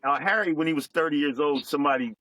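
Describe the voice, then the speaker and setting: Middle-aged guy, bright tense voice, dry close sound, slow reflective storytelling. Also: a little high, no room sound, low-quality recording. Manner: plain, reflective, unhurried. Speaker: guest. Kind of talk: personal storytelling.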